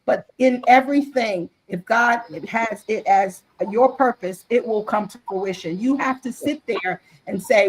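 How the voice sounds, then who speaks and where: A woman's voice: a little high, measured pace, hardly any pauses, rough recording. A woman speaking as a guest author and executive in an interview over a video call. She talks with earnest, faith-driven conviction and often restarts or repeats her words. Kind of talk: impassioned interview talk.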